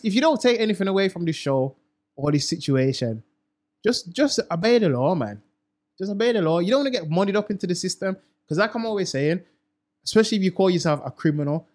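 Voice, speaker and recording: A man's voice: high-pitched, big pitch swings, fairly quick. A young man, co-hosting a casual chat show, talking in slang and repeating himself for emphasis. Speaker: podcast co-host.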